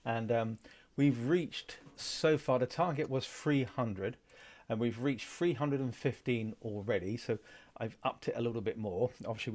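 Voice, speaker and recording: A man's voice: fairly low pitch, darkish tone. A man making a casual, outspoken fundraising appeal on a live stream, with frequent hesitant fillers. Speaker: station organiser.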